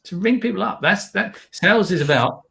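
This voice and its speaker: A man's voice: sits high, a little fast, gravelly. Man telling an anecdote. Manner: anecdotal, animated storytelling. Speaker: co-host. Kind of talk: casual live chat.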